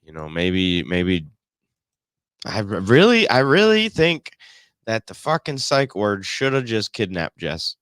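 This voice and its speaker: Male co-host, smooth lowish voice, very lively pitch, crude teasing. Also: measured pace, no room sound. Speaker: podcast co-host. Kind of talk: casual banter.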